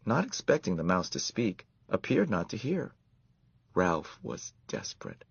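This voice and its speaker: A man reading a children's story aloud in an expressive, measured way. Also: deep voice, gravelly, slightly rough, no room sound, lo-fi sound.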